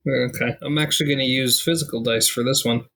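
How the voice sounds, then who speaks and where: A man's voice: medium pitch, steady tone, fast, vocal fry, bright, forceful tone. A man playing a tabletop game, chatting casually and dropping dry jokes. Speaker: player. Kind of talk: casual chat.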